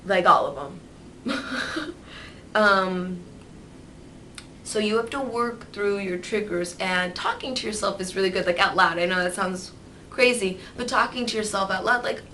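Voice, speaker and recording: A woman vlogging candidly, rambling and swearing freely, turning lively when she mimics others. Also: medium pitch, a little slow, long pauses, a little hiss or hum, low-quality recording. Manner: animated, mimics voices in quotes. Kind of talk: candid personal vlog.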